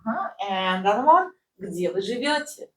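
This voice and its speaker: A woman's voice: mid-range voice, big pitch swings, moderate pace, roomy sound, distant mic, poor audio. A woman who speaks Russian natively, teaching a language lesson in English and having the learner repeat phrases after her. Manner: patient, drills phrases for repetition, checks with "right?".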